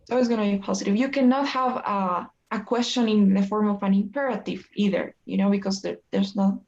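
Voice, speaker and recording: Patient woman tutor, gravelly, lo-fi. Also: medium pitch, steady tone, a little mellow. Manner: patient, slow explanations with restarts. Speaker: English tutor. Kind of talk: one-on-one online lesson.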